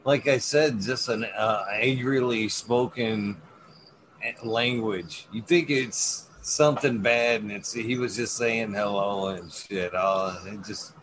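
A man's voice: lowish voice, slow pace, a bit bright, a little hiss or hum. A man chatting casually on a stream, laid-back and rambling, swearing often.

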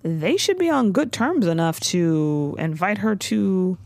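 Woman co-host. Casual recap with a lot of swearing and acted-out quotes. Very animated pitch. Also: slow pace, dry recording, studio quality. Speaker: podcast co-host recapping a TV show. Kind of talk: casual chat.

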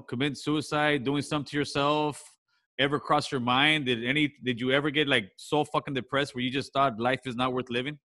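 Bright-voiced man hosting an interview. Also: on the high side. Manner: profane, affirming, asks probing questions. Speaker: host. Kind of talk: casual interview.

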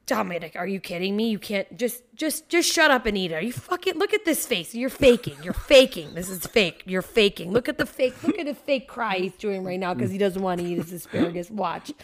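A woman imitating her blunt, old-school father scolding a young child, loud and exasperated, with swearing. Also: medium pitch, lively intonation, brisk, hardly any pauses, close to an everyday voice.

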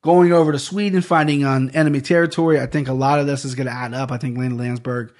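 Speaking fast in a mid-range, darkish voice with fairly even intonation, a young sports-betting podcast host runs a casual fight-picks show at his desk mic. He rambles, curses, and fumbles names.

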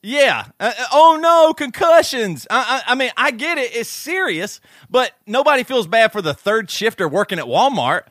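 A man co-hosting a podcast, telling stories and ranting in an animated, laughing way. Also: very high-pitched, moderate pace, hardly any pauses, no echo, studio quality. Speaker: podcast co-host. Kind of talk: casual chat. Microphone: studio microphone.

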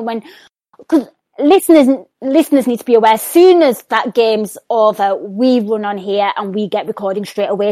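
A woman hosting a casual post-match podcast, frank and animated, swearing freely as she leads the chat. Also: medium pitch, no echo. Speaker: podcast host.

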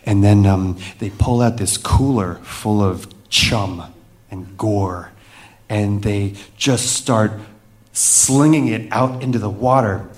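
A man telling a personal story vividly, with dramatic pauses and hushed moments. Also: lowish voice.

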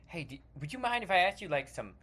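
A man's voice: high voice, very animated, quick pace, pushed and bright, pitched above the performer's own voice, exaggerated voice. Man playing a starstruck, stammering young actor. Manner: gushing and stammering, full of 'like' and restarts. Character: eager starstruck young male actor, nervous. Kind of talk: comedy sketch.

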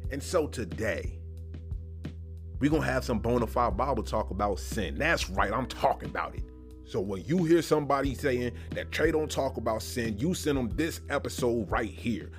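A man hosting a casual Bible podcast, talking playfully and emphatically in slangy asides. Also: lowish voice. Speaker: podcast host. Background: background music.

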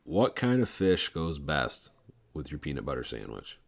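A man co-hosting a casual podcast chat, teasing and telling jokes in a dry deadpan way. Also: rumbling low, normal speed, creaky. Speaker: podcast co-host.

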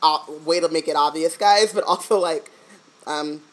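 A woman co-hosting a casual book-club podcast, playful, laughing often and firing back quick jokes. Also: low voice, poor audio. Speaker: podcast co-host.

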